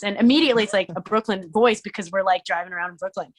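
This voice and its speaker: A woman's voice: medium pitch, fast talker. Young woman, podcast guest. Loose, chatty storyteller, heavy on fillers. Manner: rambling, lots of "like" fillers, laughing. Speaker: musician and streamer, podcast guest. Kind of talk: casual interview chat.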